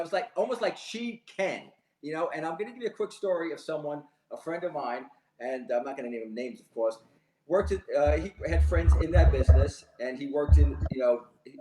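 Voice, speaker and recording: A man co-hosting a laid-back sports podcast, winding through his stories with constant restarts. His voice sits somewhat high, and the room around him rings with echo. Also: warm tone. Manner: rambling storyteller, many false starts and restarts. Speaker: podcast co-host. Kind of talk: casual sports podcast chat. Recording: echoey room.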